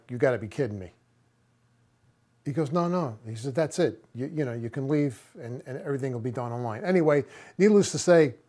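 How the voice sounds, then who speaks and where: A man's voice: mid-range voice, mellow. A seventy-year-old man, a plumber, telling a story in a casual vlog, exasperated and stumbling over restarts as he retells conversations. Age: 70s. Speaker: master plumber.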